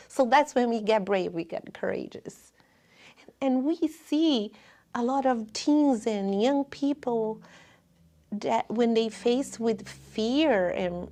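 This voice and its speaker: A woman giving a spiritual lecture in earnest, non-native English, often dropping to a hush. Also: a little high.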